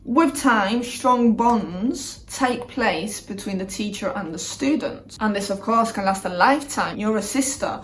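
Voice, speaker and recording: A young woman with a Manchester accent, an English and Spanish teacher, talking casually to camera in a chatty, animated vlog style. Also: medium pitch. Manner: chatty and animated, quick asides.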